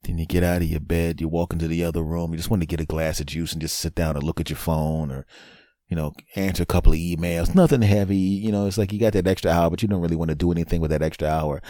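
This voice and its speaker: A man hosting a podcast, delivering a comedic monologue and acting out scenes, jumping between loud outbursts and hushed whispers. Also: low-pitched, steady tone, fast talker, no room sound, studio quality. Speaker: podcast host.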